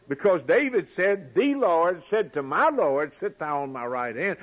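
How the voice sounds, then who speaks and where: Male preacher, husky voice, emphatic rising cadence, rhetorical questions, sermon delivery. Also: a little high, sing-song, a little slow, hardly any pauses, dull audio.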